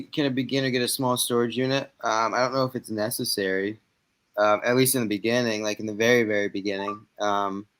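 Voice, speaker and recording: Easygoing man with a fairly low voice. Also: fairly bright tone, poor audio. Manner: easygoing, reads questions aloud and laughs often. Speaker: livestream co-host reading viewer questions. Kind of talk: casual livestream chat.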